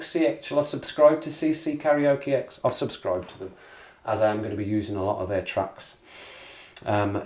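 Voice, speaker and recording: A man with a Black Country accent hosting a casual live stream, chatting and joking as he reads out viewers' messages. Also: lowish voice. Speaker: livestream host. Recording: echoey room.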